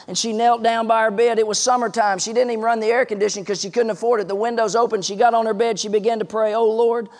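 A man's voice: high voice, fairly even intonation, fast talker, hardly any pauses. A man in his forties preaching a sermon, telling a story and stressing points emphatically. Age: 40s. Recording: long reverb in a large hall.

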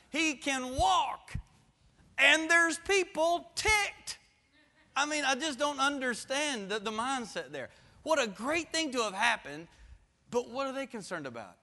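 A male pastor preaching a sermon, telling stories with animated emphasis and laughter. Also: a little high, big-room sound.

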